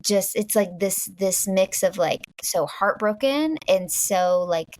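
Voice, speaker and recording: A woman from Virginia with a Southern US accent appears as a guest filmmaker in a casual interview chat. She rambles, restarts often and says "like" a lot, speaking slowly at a medium pitch with lively intonation and a darkish tone.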